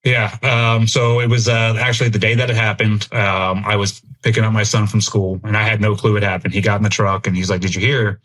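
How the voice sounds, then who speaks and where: Speaking fairly quickly with hardly any pauses, this middle-aged American veteran talks candidly as a podcast interview guest. His pitch is fairly low with little movement and a slightly bright tone, and he is earnest and reflective, working through thoughts out loud.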